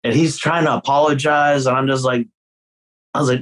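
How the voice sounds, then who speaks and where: A man telling tour stories with a lot of energy, his pitch jumping high whenever he acts out what someone said. He swears freely and laughs through his own stories, a musician in a loose podcast chat. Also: steady tone, moderate pace, a bit bright, low-quality recording. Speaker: guest guitarist.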